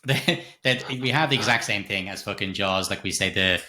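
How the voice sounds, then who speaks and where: A man's voice: on the low side, normal speed. A middle-aged man, co-hosting a podcast and retelling film scenes in casual, sweary chat. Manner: sweary, animated, retells scenes with quoted lines. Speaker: podcast co-host.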